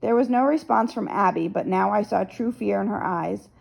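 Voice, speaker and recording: Woman reading a novel out loud, steady, bit of vocal fry. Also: medium pitch, moderate pace, poor audio. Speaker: audiobook narrator. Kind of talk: first-person novel narration.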